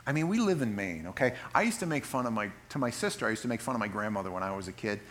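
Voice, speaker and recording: A man preaching a sermon in an animated, folksy way, reading scripture slowly and solemnly between joking asides. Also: lowish voice. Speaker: pastor.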